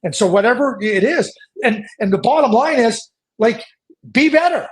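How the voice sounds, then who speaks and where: A man's voice: extremely high pitch, expressive, moderate pace. A man from Canada giving emphatic, opinionated hockey analysis as a podcast guest, often repeating words as he presses a point. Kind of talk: animated opinionated podcast talk.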